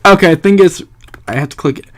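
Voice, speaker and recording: A man's voice: sits high, brisk. A man giving casual let's-play commentary, laughing easily and swearing casually.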